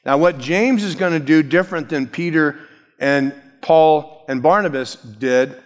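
A man's voice: fairly high pitch, unhurried, in a large hall. A man preaching an expository sermon as pastor, emphatic, stressing key words and shifting his pace.

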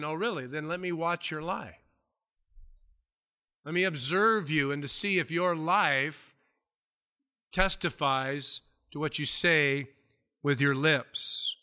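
Guy preaching verse by verse, bright kinda high voice, chatty, goes quiet then gets loud and punchy. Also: slow pace, long pauses. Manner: conversational preaching with acted-out scenes and quiet asides; swings from hushed murmurs to raised emphatic peaks. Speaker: pastor. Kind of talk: expository sermon.

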